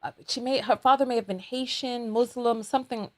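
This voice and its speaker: A woman's voice: on the high side, fairly even intonation, brisk. A woman hosting a call-in show who asks probing questions and presses her point with insistent repetition. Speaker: host.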